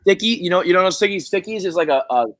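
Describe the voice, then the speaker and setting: A man's voice: high voice, lively intonation, quick pace, fairly bright tone, no room sound. A man hosting a casual sports podcast from an office, profane and exasperated as he talks. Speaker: podcast host.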